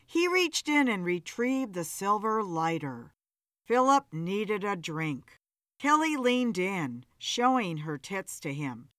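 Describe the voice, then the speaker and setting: A woman narrating an audiobook story in a plain, steady manner. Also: medium pitch, no room sound, clean studio sound.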